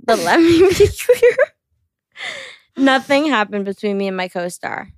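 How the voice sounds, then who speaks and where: A young woman co-hosts a casual podcast with a fairly high voice. She swears freely and mocks as she talks, laughing often. The sound is dry and close. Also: sing-song, unhurried, no room sound. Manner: profane, mocking, laughs often. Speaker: podcast co-host. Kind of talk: casual chat.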